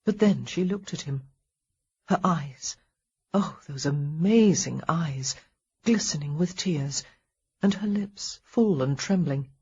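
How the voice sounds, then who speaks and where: A woman narrating a historical romance audiobook in a soft, measured reading with a breathy voice. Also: sits low, lively intonation, muffled recording. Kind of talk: scripted narration.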